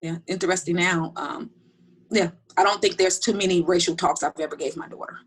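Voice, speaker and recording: A middle-aged woman telling personal stories in an interview, talking quickly and animatedly with many restarts. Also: on the low side, slight background noise. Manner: fast, animated storytelling with frequent restarts. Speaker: interview guest. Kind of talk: candid personal storytelling.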